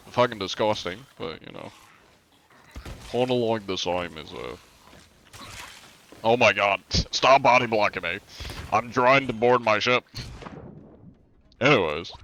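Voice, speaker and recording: A man's voice: lowish voice, creaky, fairly bright tone, a little hiss or hum. A man chatting casually and joking around while streaming a game. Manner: joking, playful, talks while playing. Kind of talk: casual live-stream chat with role-play.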